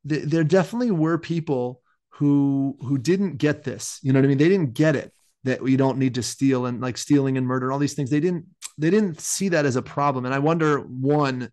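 A married man co-hosting a casual podcast chat, thinking aloud about scripture with many restarts and animated asides. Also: medium pitch. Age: adult, married. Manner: rambling, self-interrupting, animated. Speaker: podcast co-host.

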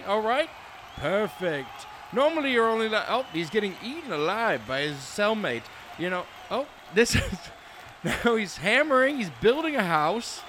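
A man's voice: sits high, bright, forceful tone, slight background noise, heavily acted. A man playing a male sports play-by-play announcer, giving breathless running commentary and laughing through it. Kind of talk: comedic mock sports commentary.

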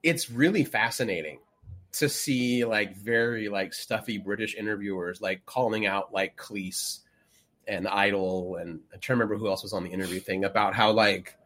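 A man's voice: fairly low pitch, fairly even intonation, normal speed, fairly bright tone. A man co-hosting a podcast in casual chat, rambling with lots of fillers and acting out quotes as he goes. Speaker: podcast co-host.

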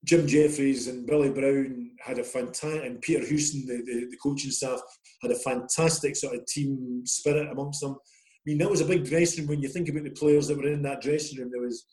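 A middle-aged Scottish man spins loose, self-deprecating football anecdotes in an easy conversational way. His voice sits at an ordinary middle pitch and carries a roomy echo around it. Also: steady tone, a little fast, a little mellow. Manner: rambling, self-deprecating storyteller. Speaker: former footballer guest. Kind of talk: casual anecdotal interview. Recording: roomy echoey sound.

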